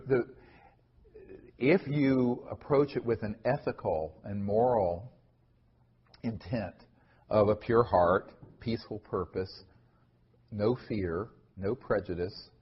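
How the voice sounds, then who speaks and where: A man's voice: lowish voice, husky. A man speaking earnestly at a talk, conversational with many fillers and restarts, answering an audience question. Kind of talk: lecture and Q&A answer. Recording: dull lo-fi recording.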